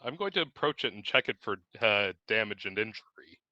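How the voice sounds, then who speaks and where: A man playing a tabletop role-playing game, who describes his character's actions and dice rolls deliberately. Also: lowish voice, big pitch swings, pushed and bright, no room sound, dull audio. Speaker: player.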